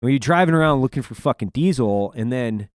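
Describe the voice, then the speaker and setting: A man co-hosting a podcast, telling a profane war story in casual chat and getting loud when he quotes people. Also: mid-range voice, quick pace, dry recording, clean studio sound. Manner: profane, animated, swings loud when quoting. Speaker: podcast co-host.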